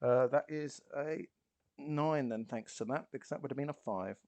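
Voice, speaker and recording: A man playing a tabletop game with playful, quick banter. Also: medium pitch, a little mellow, no echo. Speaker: player.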